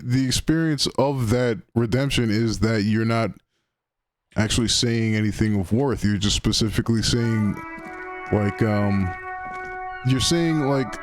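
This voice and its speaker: A man casually commenting while playing a game on a live stream, rambling and swearing and riffing on slang. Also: mid-range voice.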